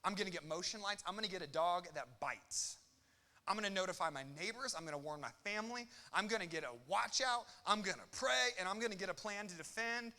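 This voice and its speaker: A young male pastor preaching with a bright, forceful tone and a slightly high voice. He jokes, tosses in quick asides and acts out quotes with lots of energy. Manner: animated, joking, quick asides and acted quotes. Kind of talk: sermon.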